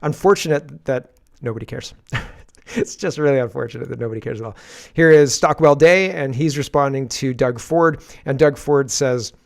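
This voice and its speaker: A man's voice: medium pitch, normal speed, creaky. Sarcastic male political livestream host. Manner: sarcastic, laughs often, reads posts aloud. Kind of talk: daily livestream commentary.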